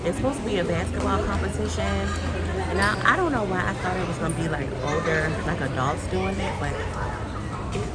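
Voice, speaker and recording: A woman, talking casually to her viewers in a cruise vlog, animated and chatty, calling them y'all. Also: medium pitch, a little fast. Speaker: vlogger. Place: aboard a cruise ship. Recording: busy crowd and music noise. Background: music and a loud crowd.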